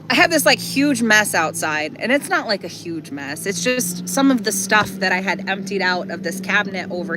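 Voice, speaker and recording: A woman's voice: medium pitch, background noise. A young woman rambling through a casual story from inside her van, full of fillers, restarts and little laughs. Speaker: vlogger.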